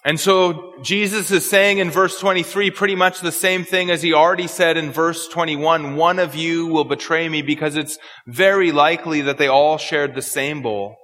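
A man's voice: fairly high pitch, fairly even intonation, normal speed, hardly any pauses, bright, forceful tone. A man preaching an expository sermon, earnest and prone to repeating words as he searches for phrasing. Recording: long hall reverb.

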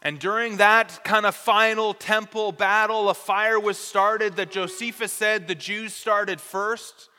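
A man preaches with a high, bright voice and teaches earnestly, stressing key words. His tone is smooth and clear. A long reverb trails each phrase, as in a large hall. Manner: earnest, explanatory teaching with careful emphasis. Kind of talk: expository sermon.

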